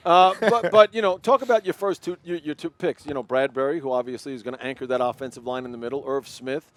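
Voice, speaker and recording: A man hosting a sports radio show, asking long questions and teasing his guest. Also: medium pitch. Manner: fast, joking, teasing. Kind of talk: radio interview.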